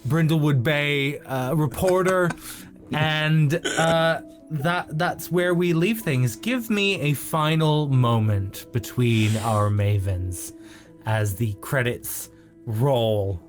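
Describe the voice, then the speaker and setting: A British man narrating as game master of a tabletop game, halting and full of fillers and laughs. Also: fairly high pitch, faint music behind.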